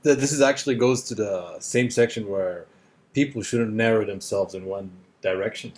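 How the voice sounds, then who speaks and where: A man hosting a podcast, talking in a relaxed, conversational way. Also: on the low side, moderate pace. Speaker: podcast host.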